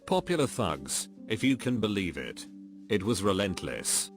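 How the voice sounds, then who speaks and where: A man narrating a string of online stories in a flat, even storytelling delivery. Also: lowish voice, measured pace, faint music behind. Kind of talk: reading online stories aloud.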